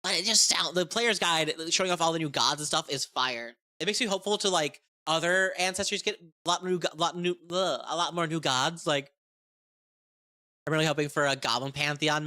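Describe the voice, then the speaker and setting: A woman chatting excitedly about a tabletop game, profane and rambling, often restarting her sentences. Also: low voice, a little fast. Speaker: game content creator. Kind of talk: casual tabletop game review.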